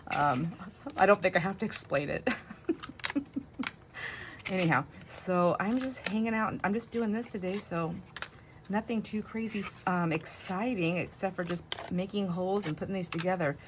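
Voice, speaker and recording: A woman's voice: fairly low pitch, normal speed, noisy background. A woman hosting a casual craft chat at home, talking in a rambling, chatty way with many fillers. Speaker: craft channel host.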